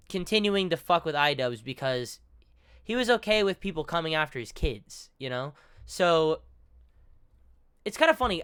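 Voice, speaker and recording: A man's voice: a little high, pushed and bright, clear, resonant tone, no room sound, studio quality. A young man doing profane, mocking reaction commentary in a rambling way. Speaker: commentary streamer.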